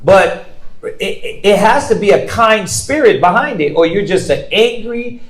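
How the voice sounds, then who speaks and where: High-voiced man teaching a bible study. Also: lively intonation, unhurried. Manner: rhetorical questions, call-and-response, colloquial. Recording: roomy echo.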